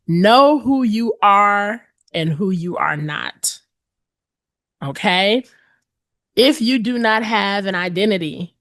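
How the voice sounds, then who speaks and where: Slow, emphatic woman podcast host. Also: a bit bright, no room sound, clean studio sound. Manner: emphatic, repeats "okay?" to the listener; acts out hesitant voices with big pitch jumps. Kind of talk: motivational podcast talk.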